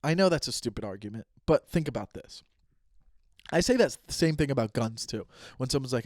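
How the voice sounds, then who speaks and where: This solo comedy podcast host is a man in his thirties with a mid-range voice, speaking fairly quickly in a studio-quality recording with no room sound. His rants are animated, profane and rambling, packed with quoted dialogue he performs himself.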